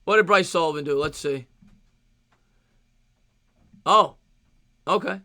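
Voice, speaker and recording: Fast-talking New Yorker sports streamer. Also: male voice, fairly high pitch, bright, forceful tone, no room sound, clean studio sound. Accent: New York. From New York. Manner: casual, filler-heavy, repeats phrases. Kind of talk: live-stream chat Q&A.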